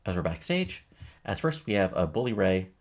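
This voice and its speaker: Deep-voiced man, quick casual game narration, rough and breathy. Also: big pitch swings. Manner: rambling, many fillers, reads out characters' lines in his own voice. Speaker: host narrating a wrestling simulation playthrough. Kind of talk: casual let's-play narration.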